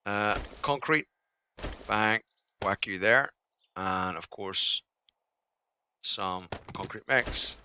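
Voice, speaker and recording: A man's voice: fairly low pitch, very slow, pauses often, pushed and bright, a little hiss or hum. A young man streaming a survival game live, chatting casually, swearing now and then, grumbling at the game and answering his chat. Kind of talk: live gameplay commentary.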